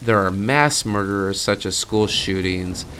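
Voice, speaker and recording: A man's voice: on the low side, a little slow, a bit bright, a little hiss or hum. A man hosting a true-crime podcast in a casual, blunt and sarcastic way, swearing freely. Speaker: podcast host.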